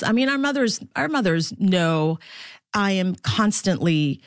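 A middle-aged woman sports broadcaster, originally from the Philippines, talks candidly in an interview. Her voice sits a little low, but it leaps high whenever she quotes someone, and she laughs easily. The recording is close and dry. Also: unhurried, clear, resonant tone, dry recording. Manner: warm and animated, laughs often, voice jumps high when quoting others.

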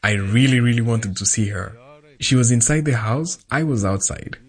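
A man giving a translated first-person voice-over in a calm storytelling manner. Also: medium pitch, moderate pace. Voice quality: husky. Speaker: voice-over interpreter.

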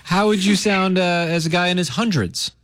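A man's voice: high voice, fairly even intonation, a little fast, a bit bright. A man hosting a morning radio show, bantering playfully with a caller. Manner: upbeat and playful.

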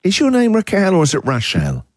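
A man's voice: sits high, huge pitch swings, a little fast, dry recording, studio quality. A man hosting a breakfast radio show, playful and effusive as he chats with callers. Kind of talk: lively morning radio chat with callers.

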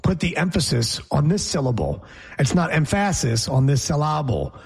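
A man co-hosting a casual sports talk show, riffing with animated sarcasm. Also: on the high side, moderate pace, vocal fry, husky. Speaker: co-host.

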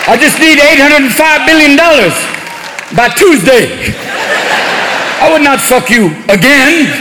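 A man on stage playing a desperate banker who begs like a relapsed junkie, pleading and shouting over a loud crowd. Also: extremely high pitch, expressive, a little slow, noisy background, voice pushed up. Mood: wheedling. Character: strung-out male banker begging for bailout cash. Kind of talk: stand-up impression. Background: loud live audience.

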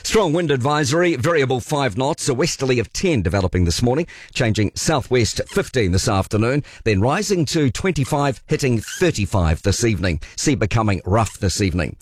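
A man reading a marine and city weather forecast on the radio in a quick, animated way. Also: medium pitch, no echo, clean studio sound. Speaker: weather announcer.

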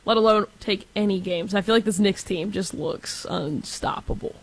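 A woman's voice: mid-range voice, moderate pace, rough recording. Young woman, from Texas, co-host, sports chat, lots of fillers, frank opinions. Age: 20s. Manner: chatty, filler-heavy, frank. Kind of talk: casual sports talk.

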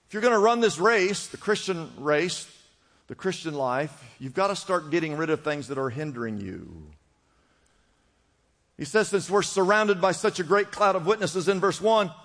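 Male pastor, high voice, fervent sermon, repeated exhortations, long hall reverb. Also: fairly bright tone. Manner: preaching with rising fervor, repeated exhortations.

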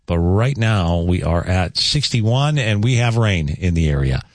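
A man's voice: deep voice, animated, unhurried, dry recording. A man hosting a morning radio show, reading the forecast and teasing a caller in an easygoing way. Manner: easygoing, teasing, some filler uhs. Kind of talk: radio host chat and forecast. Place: radio studio. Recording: dry close studio mic.

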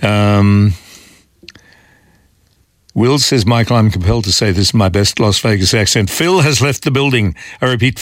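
A deep-voiced, middle-aged Australian man sits in for the regular talkback radio host, reading out listener messages and answering them. He talks in a measured way, thinking aloud with restarts. The studio sound is dry and close. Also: no room sound. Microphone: studio microphone.

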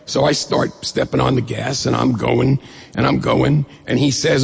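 A man with a gravelly voice, retelling a personal story in a lively, animated way. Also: medium pitch, moderate pace. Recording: long reverb of a hall.

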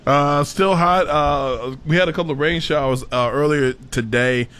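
Man, co-host, halting, lots of fillers, casual on-air chat. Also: fairly high pitch, a bit bright. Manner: hesitant, filler-heavy. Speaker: studio co-host.

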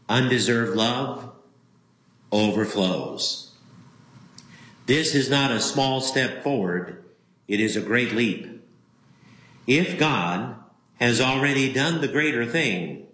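Slow, emphatic preaching man, bright voice. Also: mid-range voice, reverberant, poor audio. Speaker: pastor. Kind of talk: sermon.

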